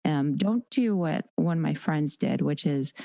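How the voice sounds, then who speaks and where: A woman with a deep, gravelly and warm voice talks as an interview guest. She is animated and keeps slipping into quoted voices. The room sounds dry and close. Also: a little slow, no room sound. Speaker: dominatrix and educator guest. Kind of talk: casual podcast interview.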